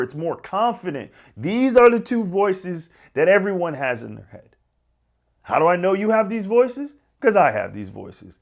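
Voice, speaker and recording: A man talking as a fitness coach, giving an emphatic, repetitive motivational talk to camera. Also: on the high side.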